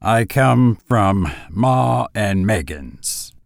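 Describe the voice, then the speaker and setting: Male reader as an uneasy messenger, quiet, formal, restrained, slow, dry. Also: fairly low pitch, expressive, gravelly, no room sound, exaggerated voice. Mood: grave.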